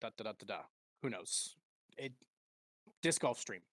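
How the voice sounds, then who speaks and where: A man's voice: mid-range voice, animated, moderate pace, a bit bright, no room sound. A man co-hosting a casual podcast chat, laughing often and stumbling over tricky names. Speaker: podcast co-host.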